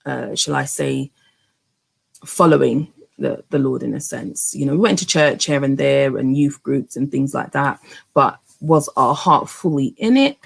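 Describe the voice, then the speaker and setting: A woman in her thirties telling a personal story to her viewers, animated, with many fillers and restarts. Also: extremely low pitch, a little slow, creaky, slightly rough.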